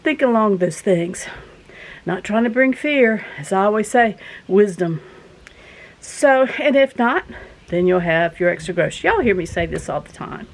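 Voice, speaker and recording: A woman's voice: mid-range voice, expressive, moderate pace, rough recording. Breathless woman vlogging outdoors. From southern United States. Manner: folksy, rambling, earnest. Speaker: vlogger host. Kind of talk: casual chat to viewers. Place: outdoors, walking from a garden.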